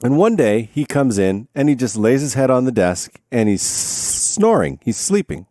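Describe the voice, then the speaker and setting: A man's voice: medium pitch, big pitch swings, normal speed, mellow, no room sound, clean studio sound. A man, a former touring musician who now teaches, telling stories casually in a conversation, laughing often and swearing freely.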